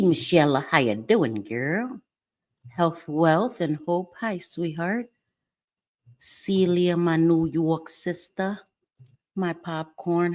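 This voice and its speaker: A woman hosting a livestream, chatting casually with her viewers, greeting them by name and laughing often. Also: low-pitched. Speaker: livestream host.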